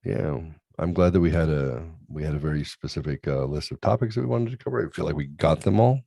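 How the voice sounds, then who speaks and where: A man's voice: very deep voice, fast talker, vocal fry, warm tone, dry recording, studio quality. A man hosting a talk show, chatting crudely and rambling, often acting out other people's voices in his stories. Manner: profane, rambling, acts out voices in anecdotes. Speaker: podcast host. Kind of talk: crude comedic chat.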